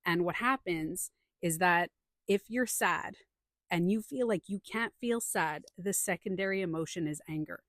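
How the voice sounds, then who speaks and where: A woman podcast host with a fairly low voice talks casually about feelings at a moderate pace, sharing opinions and telling stories in an animated way while acting out what people said. The audio is studio quality with no echo.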